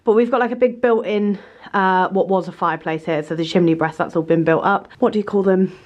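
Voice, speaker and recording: A woman's voice: lowish voice, steady tone, fairly quick, dull audio. A British woman in her thirties chatting casually to camera in a rambling, self-deprecating vlog. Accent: British English. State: pregnant. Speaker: vlogger.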